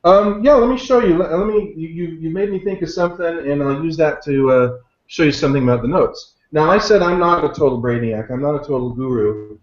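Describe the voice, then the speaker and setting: Man, software demo, lively and jokey, self-deprecating, echoey room, muffled lo-fi sound. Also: a little high, a little fast, few pauses. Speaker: guest software expert. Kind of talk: screen-share software demo.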